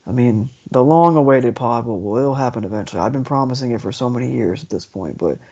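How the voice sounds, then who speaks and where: A man chatting casually on a podcast about music, rambling and restarting his sentences as he gets excited. His voice has a warm, mellow tone. The audio is dull and lo-fi. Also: medium pitch, fast. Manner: rambling, restarts often, enthusiastic. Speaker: podcast host.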